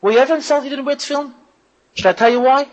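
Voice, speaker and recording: A woman's voice: high-pitched, rapid-fire, a little mellow, rough recording. A woman giving an impassioned religious lecture to women, repeating phrases and putting questions to her listeners. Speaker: religious teacher.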